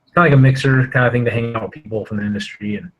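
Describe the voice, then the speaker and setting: A man's voice: medium pitch, steady tone, racing, rough recording. A man hosting a podcast, chatting casually in a rambling, hesitant way with lots of fillers. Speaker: podcast host. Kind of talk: casual chat.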